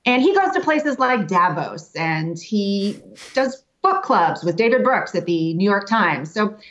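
A woman's voice: mid-range voice, very animated, measured pace, a bit bright. Explaining female guest, dull lo-fi sound. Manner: explanatory, with light laughs and fillers. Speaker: guest reporter. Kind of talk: explaining in an interview.

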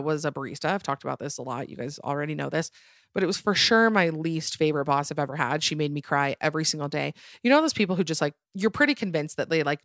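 A young woman in her twenties, a podcast host, telling her work stories in a chatty, animated way, full of "like" fillers. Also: sits low, dry recording, studio quality. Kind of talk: casual storytelling.

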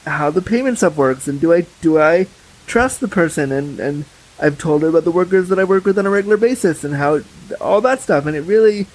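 A man's voice: a little high, animated, a little fast, a little mellow, poor audio. A young man talking frankly and chattily as a podcast guest, full of fillers. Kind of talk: candid casual conversation.

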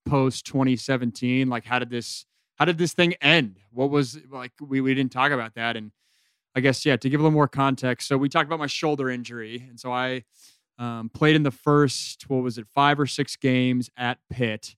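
A young man in his twenties co-hosting a casual podcast and telling his story in a relaxed, laid-back way. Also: medium pitch, normal speed, smooth, no echo, clean studio sound. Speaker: podcast co-host, former football player.

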